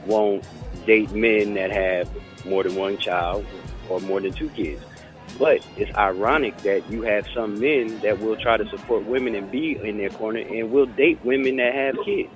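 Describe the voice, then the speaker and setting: A man's voice: lowish voice, moderate pace. A man hosting a casual chat, talking things through reflectively and often repeating words as he thinks. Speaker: podcast host. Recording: muffled lo-fi audio with faint music.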